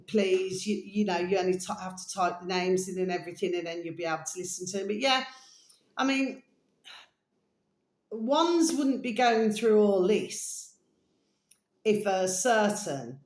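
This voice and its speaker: A woman vlogging in a rambling, casual monologue, full of fillers and slow dictation. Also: medium pitch. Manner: meandering, full of fillers, dictating text slowly; coos baby talk to her pet. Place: home room. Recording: echoey room.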